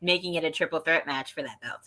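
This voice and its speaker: A woman co-hosting a live-streamed wrestling review, chiming in with animated reactions and finishing her partner's points. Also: low-pitched, fast talker. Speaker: co-host of a wrestling review show. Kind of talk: casual live-stream chat.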